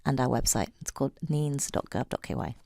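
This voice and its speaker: Deep, gravelly woman giving urgent advice. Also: a little fast, mellow, dry recording, clean studio sound. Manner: urgent, earnest, repeats points for emphasis. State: going hoarse. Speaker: emergency management official. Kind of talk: radio interview guest. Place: radio studio.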